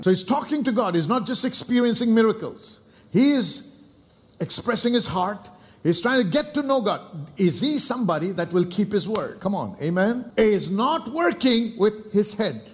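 A man's voice: high voice, very animated, moderate pace. A man preaching a sermon as pastor, emphatic, asking rhetorical questions and calling on the congregation to respond.

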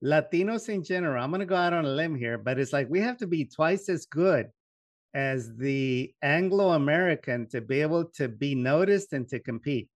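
A man's voice: a little high, lively intonation, moderate pace, no room sound. A man hosting an interview, asking long, earnest questions. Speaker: host.

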